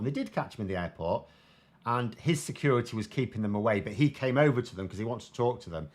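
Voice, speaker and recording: A British man giving casual political commentary and answering viewer comments in a wry, sardonic, conversational way. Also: mid-range voice. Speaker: political commentator, show host.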